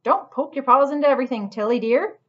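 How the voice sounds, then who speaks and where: A woman's voice: sits high, fast talker, muffled recording, a little hiss or hum, pitched above the performer's own voice, natural voice. A woman voicing a plump, motherly female porcupine cook who fusses and calls everyone dear. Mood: fussing.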